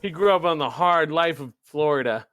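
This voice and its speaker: Male podcast co-host: sarcastic quips, a lively up-and-down pitch, recorded close and dry. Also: normal speed, no echo. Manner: wry deadpan quips and sarcastic asides. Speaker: podcast co-host reviewing wrestling. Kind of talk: casual chat.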